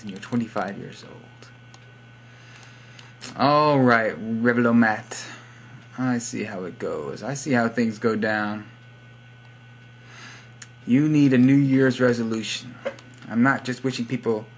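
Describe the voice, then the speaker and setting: A little slow and pausing often, a young man with a mid-range voice vlogs from his computer at home, with a little hiss or hum in the recording. His monologue is casual and rambling: shoutouts, silly jokes and the occasional put-on accent.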